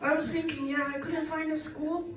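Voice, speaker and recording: A woman from China performing stand-up comedy in halting English, delivered deadpan. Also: sits high. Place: comedy club stage. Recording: echoey room from far off, crowd laughter. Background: audience laughing.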